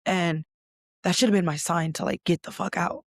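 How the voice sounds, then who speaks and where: Her voice is fairly low with fairly even intonation, moving at a moderate pace, and the recording is dry and studio-clean. The young woman hosting this podcast recounts a personal story frankly and conversationally, filling it with verbal fillers and an occasional swear.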